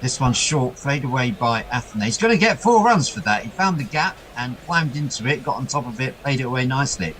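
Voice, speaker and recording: A man giving chatty ball-by-ball cricket commentary, getting excited when the ball reaches the boundary. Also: medium pitch, fairly quick, hardly any pauses, background noise.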